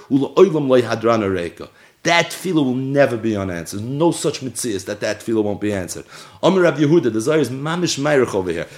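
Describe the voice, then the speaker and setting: A man teaches a sacred text, reading each line and then explaining it. His fairly high voice swings widely, rising for emphasis and dropping to low asides. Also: vocal fry. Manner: reads Aramaic and Hebrew lines, then explains in English with Yiddish words. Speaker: Torah teacher. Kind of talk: Talmud-style text study.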